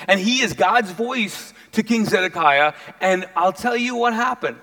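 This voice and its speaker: A male pastor delivering a sermon, telling an old story with lively, playful energy and quick asides to the crowd. His voice sits high for a man.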